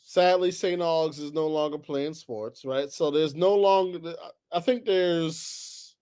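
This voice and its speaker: Male sports talk host with a high voice, ranting in heated, exasperated bursts. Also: slow pace, clear, resonant tone. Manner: heated, exasperated, swings between loud outbursts and low muttering. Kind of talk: animated solo sports talk.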